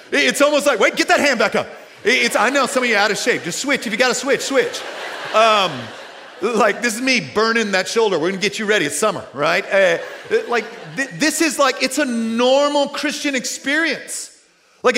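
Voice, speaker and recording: Man, pastor, sermon, animated, joking, high-pitched, bright tone. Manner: animated, joking with the congregation, drops to a hushed tone for scripture. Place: church sanctuary.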